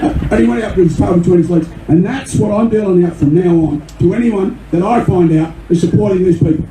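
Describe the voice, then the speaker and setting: An older man with an Australian accent, giving a fiery, indignant rally speech as a member of parliament and often shouting. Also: very high voice, expressive, fairly quick, few pauses. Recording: echoey room with faint noise.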